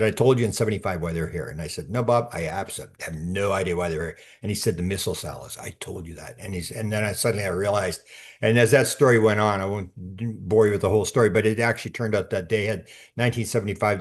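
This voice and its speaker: Older man, low voice, rambling guest storyteller who keeps restarting his sentences. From Canada. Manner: rambling, full of restarts and repeated words. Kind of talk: storytelling in conversation.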